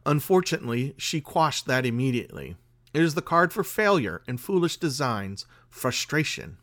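A man hosting a podcast and reading a spooky tale aloud in a measured, dramatic way. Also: mid-range voice, big pitch swings, a bit bright. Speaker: podcast host and story reader. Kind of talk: scripted story narration.

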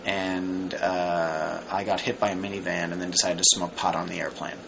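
A man's voice: low voice, little pitch movement, normal speed, vocal fry, noisy background. Rambling, jokey man chatting. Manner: rambling, many fillers and restarts, jokey asides. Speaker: podcast guest. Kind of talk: casual chat.

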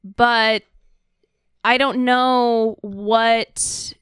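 Smooth-voiced woman podcast co-host. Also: on the high side, fairly even intonation, extremely slow, a bit bright, no echo, clean studio sound. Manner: thoughtful, hesitant, with fillers and restarts. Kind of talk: casual podcast chat.

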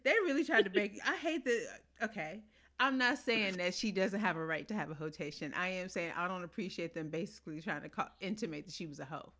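A woman's voice: fairly low pitch, a little fast, fairly bright tone. A woman hosting a podcast, chatting casually with friends, laughing often and restarting her sentences. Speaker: podcast host. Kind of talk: casual chat.

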